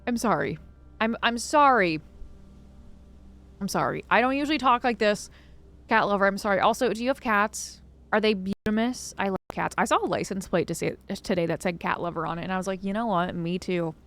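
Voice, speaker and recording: A young woman streaming a game live, chatting casually and dramatically with her viewers, swinging from excitement to mock sadness. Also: mid-range voice, fast talker. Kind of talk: casual live-stream chat while gaming. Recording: faint music behind.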